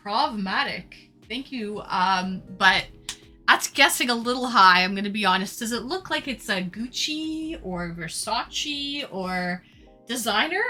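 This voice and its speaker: Canadian woman streamer with a bright tone, chatty and slow-paced, reading viewer chat with faint music underneath. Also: medium pitch, animated. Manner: chatty, reads out viewer comments and thanks them. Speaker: live stream host. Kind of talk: casual live chat with viewers.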